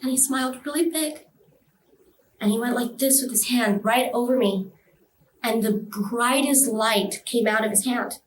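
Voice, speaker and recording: A woman's voice: on the high side, fairly even intonation, a little slow, roomy sound, slight background noise, poor audio. A woman telling a personal experience in an interview, emotional and vivid, acting out the voices of others. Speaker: interview guest.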